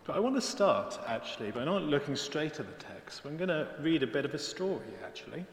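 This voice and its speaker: A man preaches an evening sermon in a mid-pitched, earnest and conversational voice, often slipping in asides. His words ring out through a large church with a long, hall-like reverb. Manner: earnest, conversational, peppered with "actually". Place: church, indoors.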